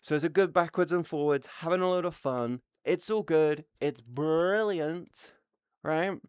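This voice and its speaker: A woman streaming live, telling a gaming story in a casual, excitable way, swearing often and laughing between words. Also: low-pitched, measured pace, clear, resonant tone, no room sound, studio quality. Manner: excitable, swears a lot, laughs mid-sentence.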